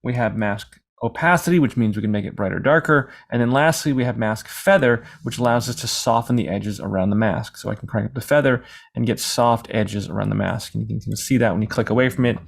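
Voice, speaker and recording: A man teaching a screen-recorded software lesson in a casual, rambling way, sometimes acting out questions from imagined viewers. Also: lowish voice, fast, creaky. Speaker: software tutorial instructor.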